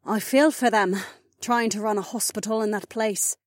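A man's voice: high voice, steady tone, normal speed, no room sound, clean studio sound, pitched above the performer's own voice, natural voice. A man voicing a tired, kindly older female nurse with a motherly, concerned manner.

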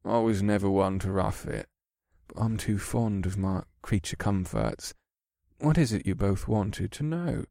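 A man's voice: fairly low pitch, measured pace, gravelly, no echo, clean studio sound. A man voicing a foppish, grey-skinned horned rogue who talks in an effeminate, dismissive way in an audiobook. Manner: effeminate, dismissive, soft-spoken. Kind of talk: audiobook character voice.

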